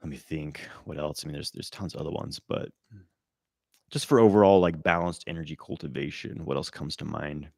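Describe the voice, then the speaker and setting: A man answering viewer questions on a live stream, loose and animated, swearing, with many fillers and restarts. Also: rumbling low, brisk, vocal fry, dry recording, studio quality. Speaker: qigong teacher answering live chat questions.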